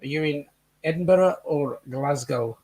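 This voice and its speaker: Gravelly Australian man reading chat comments. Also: fairly high pitch, a little slow, a little mellow. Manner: joking, reads comments aloud. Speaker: co-host of a live chat stream. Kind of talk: casual live-stream chat reading viewer comments.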